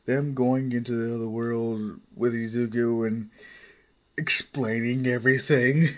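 A man narrating a fan story in a loose, conversational way, full of fillers and restarts. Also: medium pitch.

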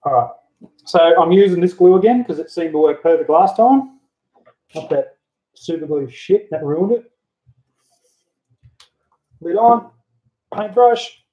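A man talks through his hobby project in a loose, easygoing way, swearing now and then as he works. His voice sits a touch high for a man. The sound is dull and lo-fi, picked up by a handheld camera. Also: measured pace, pauses often. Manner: relaxed, chatty, mildly profane, talks while working. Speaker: hobby model builder, channel host. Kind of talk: casual how-to crafting chat. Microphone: handheld camera mic.

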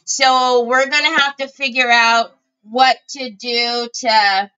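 A woman's voice: fairly high pitch, fairly even intonation, slow pace, pushed and bright, clean tone. A middle-aged woman hosting a craft livestream, chatting casually and greeting viewers by name. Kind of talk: casual live-stream chat. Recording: dull lo-fi home stream audio.

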